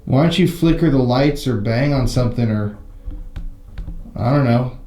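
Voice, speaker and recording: A man's voice: medium pitch, normal speed, dark tone, roomy sound. A man investigating the paranormal, confronting and taunting a ghost, swearing now and then. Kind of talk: provoking a ghost during an investigation. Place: inside an old historic building at night.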